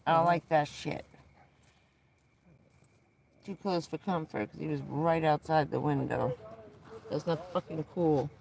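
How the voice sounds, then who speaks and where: Her voice is deep, steady, and a little mellow, with vocal fry and a faint hiss or hum on the audio. She's chatting casually on a nighttime livestream from her parked van, swearing readily, speaking bluntly, and by turns scolding and soothing her dog.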